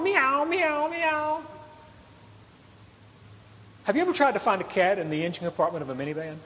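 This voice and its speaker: High-voiced preacher telling a story. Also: male voice, a little hiss or hum. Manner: animated storyteller, acts out meows and shouts. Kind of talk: storytelling sermon. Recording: hall reverb with faint ambience.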